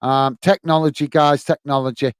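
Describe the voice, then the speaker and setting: English guy doing fan watch-along commentary, high smooth voice, gets hyped, dry close mic. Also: moderate pace, no room sound. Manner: excitable commentary, reading out chat comments. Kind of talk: live match commentary and chat with viewers.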